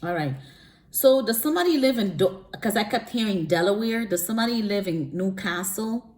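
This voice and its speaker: A woman's voice: medium pitch, lively intonation, normal speed. A woman giving a casual spiritual reading, rambling and chatty with frequent restarts and laughs. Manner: laughs often between phrases. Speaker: spiritual reader. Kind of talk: casual spiritual vlog talk.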